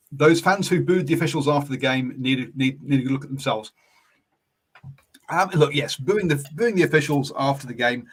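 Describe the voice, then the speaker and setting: An English-accented man hosts a casual sports talk show over an online call. His delivery is loose and chatty, full of fillers and self-corrections, at an ordinary middle pitch. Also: husky. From England. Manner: chatty, many fillers and restarts. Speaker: podcast host.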